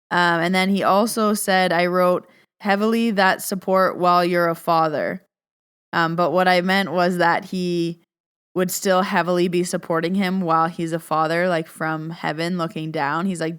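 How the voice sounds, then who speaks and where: A woman's voice: medium pitch, moderate pace, clear, resonant tone. A young woman, a podcast host and medium, casually telling a story in a chatty way, filling her talk with "like". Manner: chatty, says "like" constantly, animated retelling.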